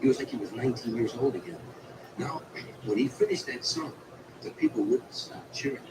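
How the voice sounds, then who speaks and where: A man, an entertainer, telling a long anecdote about a night on tour in a slow, vivid way. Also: medium pitch, recorded from a distance, background noise. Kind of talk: storytelling anecdote.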